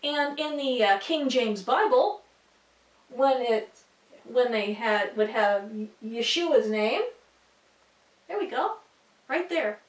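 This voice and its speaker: A woman's voice: fairly high pitch, expressive, slow pace, long pauses. A woman explaining a Bible lesson for kids in a chatty, casual way, often checking in with her listeners. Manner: chatty, with fillers and asides, checking in with "okay?" and "right?". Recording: echoey room, mic at a distance.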